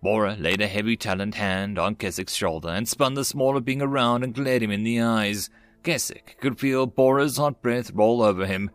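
A man reading a science-fiction story as an audiobook narrator, measured and even in his storytelling. His voice sits in a middle pitch and the recording is dry and close. Faint music plays underneath. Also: no echo. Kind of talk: scripted narration.

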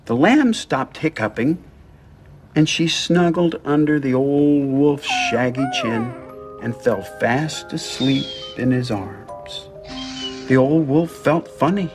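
A man's voice: mid-range voice, takes it slowly. An older man giving a theatrical, playful reading of a children's story, with music behind. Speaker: guest storybook reader.

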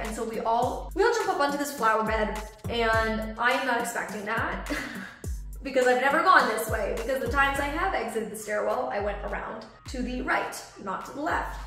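A young woman vlogger telling a story in lively, animated detail, acting out what people said. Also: on the high side, moderate pace. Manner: animated storytelling, acts out quoted voices. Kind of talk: storytime vlog. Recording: echoey room with background music. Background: soft background music.

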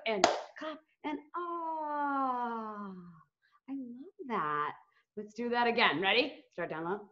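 A woman's voice: fairly high pitch, sing-song, moderate pace, highs cut off, very noisy. A woman teacher leading a virtual lesson for young children, bubbly, giggly and chatty. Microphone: video call.

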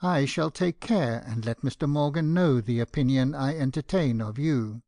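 In a clean, dry studio recording, a man with a medium-pitched, mellow, everyday-sounding voice reads an audiobook at a moderate pace. He voices a stern, indignant middle-aged father whose severe, accusing manner rises to outbursts.

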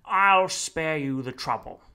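Rumford, a man doing a booming sermonizer. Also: lively intonation, takes it slowly, sharp tone, clear, resonant tone, full character voice. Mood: questioning. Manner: solemn, declamatory, booming calls. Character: grandiose preaching man lecturing a crowd.

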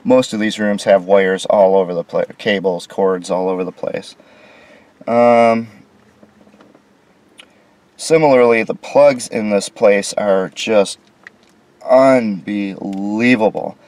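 An American vlogger walks the camera through a cramped hotel room, narrating casually with sarcastic, indignant complaints. His voice is lowish and darkish, his delivery slow with long pauses, and the recording is dry.

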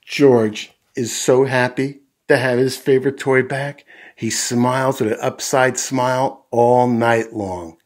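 A man's voice: medium pitch, a little mellow. A man reading a picture book aloud to children as a storyteller, adding friendly asides to young listeners.

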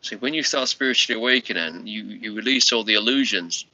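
A man's voice: fairly low pitch, bright, forceful tone. Rambling tired man on a muffled livestream. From United Kingdom. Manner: rambling, halting, with many restarts. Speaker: livestream host. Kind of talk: casual live-stream chat with viewers.

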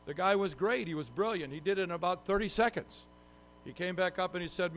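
A man's voice: sits high, fairly quick, fairly bright tone, slight background noise. A man preaching a sermon who tells a self-deprecating story and acts out his own frustration. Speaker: pastor. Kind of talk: sermon with humorous personal story. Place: church sanctuary.

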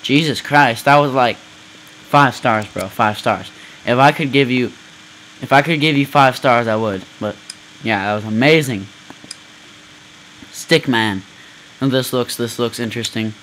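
A man giving loud, profane let's play commentary from home, often yelling as he reacts to the game. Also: mid-range voice, unhurried, pauses often, a little hiss or hum, low-quality recording. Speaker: gamer.

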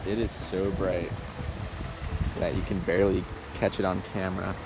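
A man talking casually and excitedly to the camera in a DIY vlog while working on his truck outdoors, often saying "dude" and "bro". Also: sits low, moderate pace. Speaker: DIY car vlogger.

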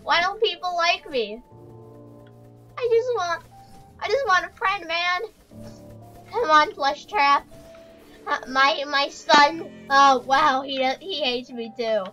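A sulking male animatronic bear who feels everyone has forgotten him, voiced by a performer. He talks slowly and high in a whiny, rambling, self-pitying way. His tone is bright, and faint music plays behind him. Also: exaggerated voice, low-quality recording. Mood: indignant. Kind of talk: casual comedic skit.

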